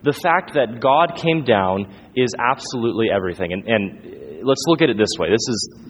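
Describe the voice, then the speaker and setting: A man's voice: medium pitch, expressive, normal speed. A man preaching a sermon in an earnest way, repeating phrases for emphasis and often restarting his sentences. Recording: long hall reverb, faint room noise.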